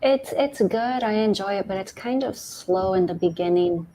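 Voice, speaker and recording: Woman with a dark mellow voice, dry jokey quips on a movie chat podcast. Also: mid-range voice, normal speed, a little hiss or hum, rough recording. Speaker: podcast co-host. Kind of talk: casual joking chat.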